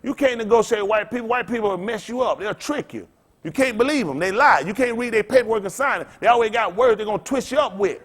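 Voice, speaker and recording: Man, pastor, high voice, blunt and profane, rambling sermon, call-and-response. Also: expressive, quick pace. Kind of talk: informal preaching to a congregation.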